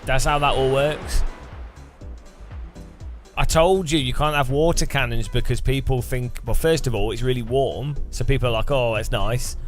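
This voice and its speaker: A British man doing casual gaming commentary, riffing deadpan and sarcastic. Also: medium pitch, moderate pace, soft background music. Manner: rambling deadpan sarcastic jokes. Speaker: gaming youtuber.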